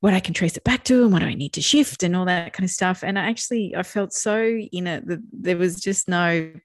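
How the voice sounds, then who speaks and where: Speaking briskly in a lowish voice, a middle-aged woman co-hosting a podcast shares her feelings candidly in casual conversation. She is warm, reflective and often laughs. The audio is studio-clean with no room sound.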